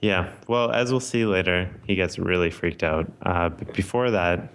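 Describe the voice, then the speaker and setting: A man with a low voice recaps a TV episode for a podcast. He talks in an easygoing, hesitant way, full of ums and restarts. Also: normal speed, a bit bright, slight background noise. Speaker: podcast co-host. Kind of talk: casual chat, recapping an episode.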